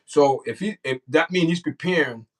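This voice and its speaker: A man's voice: a little high, normal speed, distant mic, poor audio. A man hosting a casual livestream, talking straight to his chat and repeating himself. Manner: repetitive, talks straight to the chat. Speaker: livestream host.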